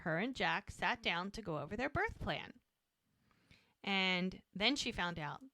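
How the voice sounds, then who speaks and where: A woman co-hosting a podcast, casually recapping a TV episode and acting out the characters' lines in an animated way. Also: mid-range voice, no room sound, studio quality. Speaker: podcast co-host.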